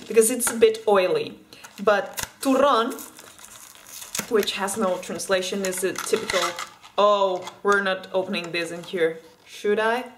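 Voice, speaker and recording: A woman's voice: medium pitch, noisy background. A woman from Spain in a casual vlog, chatting and eating as she tries candy, often restarting her words. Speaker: vlogger.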